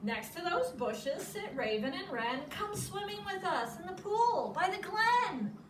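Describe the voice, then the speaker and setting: A woman doing an excitable storybook bear. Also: a little slow, heavily acted. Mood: welcoming. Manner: loud, high, sing-song calling. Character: friendly excitable big male bear. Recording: echoey room, distant mic, noisy.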